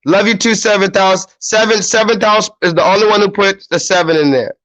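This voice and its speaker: A man's voice: high-pitched, fairly even intonation, fairly quick, a bit bright, poor audio. A man hosting his own livestream, talking loosely and with swearing straight to his viewers. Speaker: YouTube livestream host. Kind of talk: casual livestream chat.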